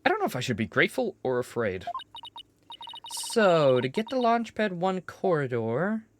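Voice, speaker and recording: A wary male defense lawyer from a video game, plain-spoken and a little hesitant, as a streamer reads him out. The voice keeps its pitch moving. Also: huge pitch swings, moderate pace, a little hiss or hum. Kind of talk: reading game dialogue aloud.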